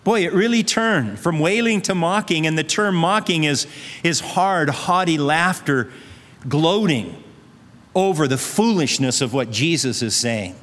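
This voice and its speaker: A man's voice: on the high side, expressive, a little slow, a bit bright. A male pastor preaching a sermon, urging his listeners with repeated phrases and rhetorical questions. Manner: earnest, repetitive exhortation with rhetorical questions. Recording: long reverb of a large hall.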